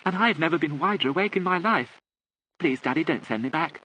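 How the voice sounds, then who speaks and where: A man voicing a cheeky, excitable schoolgirl who talks with breathless eagerness. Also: a little high, fairly quick, pitched above the performer's own voice, rough recording. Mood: eager. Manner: breathless, wide-eyed eagerness.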